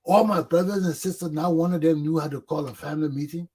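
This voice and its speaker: A middle-aged man tells a story on his own talk show. His voice is husky and sits a bit high. He talks casually and lively, and he bursts into shouted quotes as he acts out the scenes. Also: fast talker. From Liberia.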